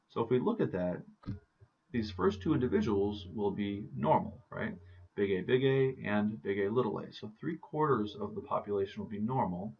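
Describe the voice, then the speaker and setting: Guy lecturing on biology, low gravelly voice, kinda husky, dull lo-fi sound. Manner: conversational, rhetorical questions, frequent fillers. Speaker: biology teacher. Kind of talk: recorded lecture.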